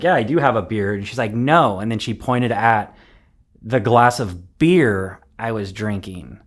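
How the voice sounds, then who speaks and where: Low-voiced, soft-spoken male guest. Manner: soft-spoken, trails off quietly, reflective. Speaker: podcast guest. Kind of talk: casual interview chat.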